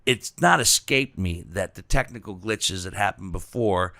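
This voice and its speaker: Male podcast host, gravelly bright tone, joking manner with stammered restarts. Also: sits low, moderate pace. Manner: joking, stammering restarts, puts on voices for quotes. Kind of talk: casual podcast chat.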